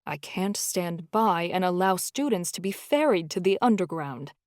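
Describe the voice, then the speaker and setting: A woman narrating an audiobook voices an earnest male professor who speaks in a low, insistent way. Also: fairly even intonation, slow, a little mellow, no room sound, studio quality. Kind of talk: audiobook character voice.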